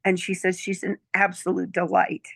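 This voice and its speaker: A woman's voice: lowish voice, monotone, moderate pace, creaky, a bit bright, husky, dry recording. A woman in her sixties, a former nurse, telling a chatty story as a client testimonial, often checking in with "okay?" and "right?". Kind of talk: casual storytelling chat.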